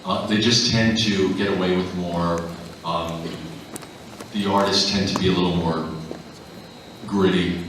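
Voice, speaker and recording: A man's voice: low voice, unhurried, pauses often, slight background noise. A man who voices characters, telling stories to a live convention panel audience and acting out the voices in them. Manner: animated, acts out the voices in his stories. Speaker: voice actor guest on a convention panel. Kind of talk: anecdotal storytelling to a live audience. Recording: echoey hall, mic heard from far off.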